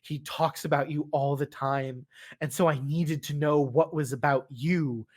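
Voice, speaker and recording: A man voicing a frightened young noble wife under a spell, pleading for help in halting, stammering phrases. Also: a little high, fairly even intonation. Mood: desperate pleading.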